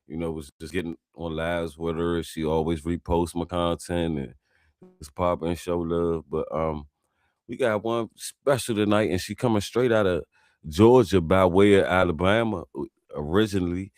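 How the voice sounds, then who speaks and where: A man's voice: sits low, fairly even intonation, moderate pace, a little mellow, no echo, studio quality. A male comedian hosting a podcast, chatting in a laid-back, slangy way. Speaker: podcast host. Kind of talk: casual podcast chat.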